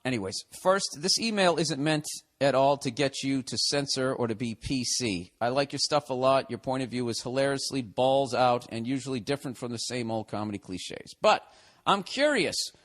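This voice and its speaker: A man's voice: medium pitch, expressive, moderate pace, a bit bright. A man in his forties from the United States, hosting a podcast, reading a listener's email aloud and ranting back at it in a profane, sarcastic way. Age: 40s. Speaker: podcast host.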